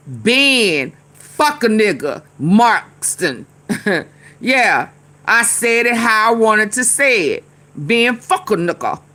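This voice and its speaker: A woman's voice: high-pitched, pushed and bright. A woman hosting live commentary over news clips, heated and repetitive, answering her chat directly. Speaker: commentary host.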